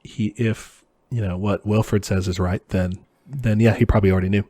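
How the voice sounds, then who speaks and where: A man's voice: on the low side, a little fast, dry recording, clean studio sound. A man co-hosting a podcast, casually recapping a film's plot with lots of "uh" and "you know". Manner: relaxed plot recapping with many fillers. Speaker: podcast co-host. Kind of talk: casual film discussion.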